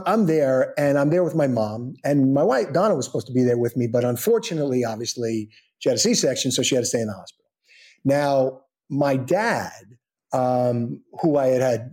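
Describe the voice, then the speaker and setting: A man with a medium-pitched, darkish voice is a guest in an interview, telling a long personal story casually. He rambles, restarting often and acting out quoted dialogue.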